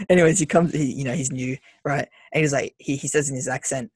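A man's voice: medium pitch, a little fast, husky, dry recording. A young Australian man telling stories in casual chat, keeps checking in with "right?". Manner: animated storyteller, keeps adding "right?".

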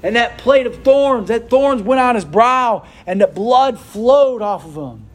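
A man's voice: very high voice, lively intonation, measured pace. A man preaching a sermon to a congregation in a room, tossing rhetorical questions out for them to answer.

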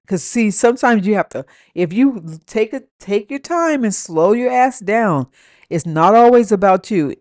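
A woman's voice: medium pitch, expressive, unhurried, a little mellow, no echo, studio quality. A young adult woman hosting a podcast, telling a story and giving dating advice in a casual rant with blunt, profane remarks and laughing asides. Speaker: podcast host.

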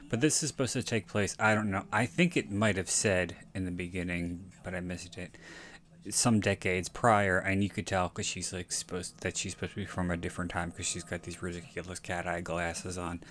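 A man's voice: low-pitched, fairly even intonation, normal speed, a bit bright. A man hosting a podcast, giving casual movie commentary in a rambling way, often correcting himself and swearing. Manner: rambling, frequent self-corrections and profanity. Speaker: podcast host.

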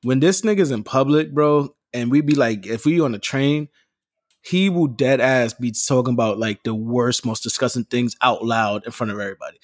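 A man on a casual podcast telling animated stories, acting out quotes and laughing often. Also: mid-range voice, normal speed, no echo, clean studio sound. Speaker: podcast co-host. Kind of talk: casual storytelling banter.

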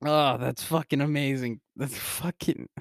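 A man's voice: mid-range voice, steady tone, a little slow, no room sound, studio quality. A young man hosting a podcast, telling a crude story in casual chat, swearing a lot and laughing through it. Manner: profane, laughs constantly through his story. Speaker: podcast host.

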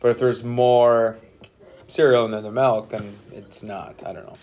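A man who is a teacher hosting a casual interview, relaxed and encouraging, with lots of "you know" and "right". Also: mid-range voice, unhurried. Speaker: teacher and podcast host.

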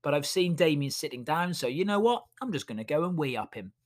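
A man's voice: on the high side, lively intonation, brisk, lightly acted. Cheeky dog's inner voice, a man puts on. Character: cheeky playful male dog.

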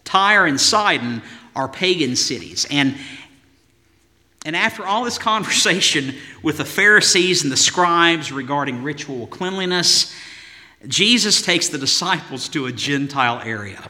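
Male pastor, sermon, bright ringing voice, fairly high pitch, emphatic rhythmic delivery, long hall echo. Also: lively intonation, a little slow. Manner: emphatic, rhythmic lists and rhetorical questions.

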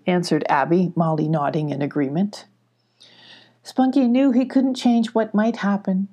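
A woman calmly reading a children's storybook aloud. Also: lowish voice. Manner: slow, calm, even. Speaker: audiobook reader. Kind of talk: storybook narration.

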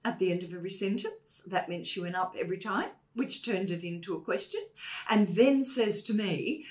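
A woman's voice: mid-range voice, a little fast. A woman, a communication expert interviewed as a guest, who talks emphatically and repeats points for stress. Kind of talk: conversational interview.

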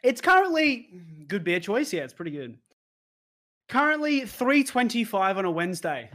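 Chatty young streamer, higher voice. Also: male voice, very animated, moderate pace, fairly bright tone. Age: 20s. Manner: chatty, swears casually, talks to chat. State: out of breath. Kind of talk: casual livestream chat.

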